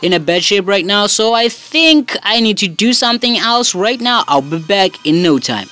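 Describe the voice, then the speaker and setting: A woman's voice: mid-range voice, lively intonation, normal speed, fairly bright tone. A woman commentating her own game playthrough, rambling and chatty with many fillers. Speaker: gamer. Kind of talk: let's play commentary.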